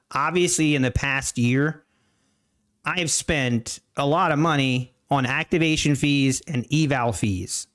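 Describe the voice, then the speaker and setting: A man hosting a live day-trading stream, talking casually and haltingly, often restarting and clearing his throat. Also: on the high side, fairly bright tone. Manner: slow, halting, many restarts, answers chat. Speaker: livestream day-trading host. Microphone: desk mic.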